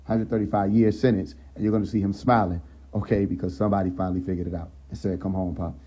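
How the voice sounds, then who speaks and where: A man hosting a casual live stream who teaches from scripture and keeps checking in with his listeners, slowing down and lifting his voice when he reads verses aloud. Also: lowish voice, level tone, dark tone, slightly rough, low-quality recording. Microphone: phone.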